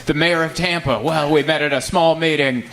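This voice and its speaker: A man with a slightly raised pitch does stand-up, chatty and self-deprecating, bantering with the audience as he goes. The live recording carries heavy background noise throughout. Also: steady tone, a little fast. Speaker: stand-up comedian. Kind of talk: stand-up set with crowd work. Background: audience laughter.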